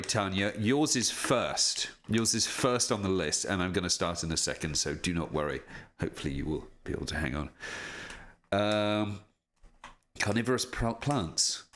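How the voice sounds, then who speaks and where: A man's fairly low voice that swings up and down in lively bursts as he chats on a home live stream. He jokes at his own expense and reads his viewers' messages aloud in a loose, casual way. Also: normal speed. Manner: chatty, jokey, reads chat aloud, self-deprecating. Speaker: voice actor streaming a signing. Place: home room with lamps and streaming setup.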